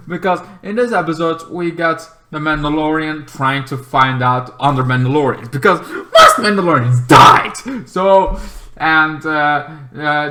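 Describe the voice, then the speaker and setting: A man hosting a casual show-review vlog. He is excitable and swears freely, breaking into loud shouts. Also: fairly high pitch. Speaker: TV show reviewer and channel host.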